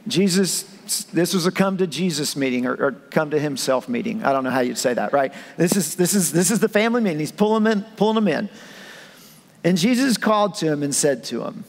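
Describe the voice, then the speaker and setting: Brief: male pastor, playful storyteller, slightly high voice, echoey auditorium. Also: expressive, a little fast. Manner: humorous, conversational, acts out scenes. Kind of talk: sermon. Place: church auditorium. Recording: echoey church hall.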